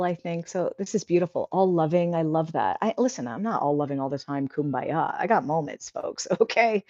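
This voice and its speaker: A woman's voice: low voice, a little mellow, dry recording, dull audio. A woman hosting a casual livestream, chatty and encouraging, reading out viewer comments. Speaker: livestream host.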